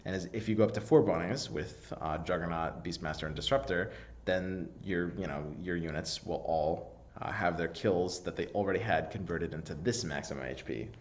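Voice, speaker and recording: A man's voice: sits low, normal speed, a little hiss or hum. A man recording solo commentary on a game's patch notes, talking through each change analytically and thinking aloud with fillers and restarts. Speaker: strategy game commentator.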